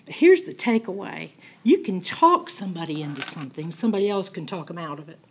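An older woman teaching a Bible study, telling stories in a folksy, animated way and acting out the people she quotes. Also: fairly low pitch, fast, a little hiss or hum.

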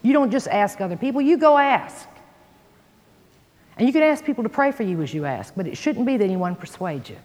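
A woman leads a sermon, reading scripture aloud with bold emphasis and dropping folksy asides to her listeners. Her voice swings widely in pitch. Long reverb trails her words. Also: sing-song, a little fast, a little mellow. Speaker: Bible teacher.

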